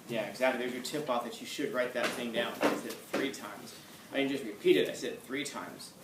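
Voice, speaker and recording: A man gives a casual classroom lecture at an ordinary pitch and often repeats his points for emphasis. His voice bounces around a roomy space and sits away from the mic. A faint noise runs underneath. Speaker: teacher. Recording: echoey room, far from mic, faint noise.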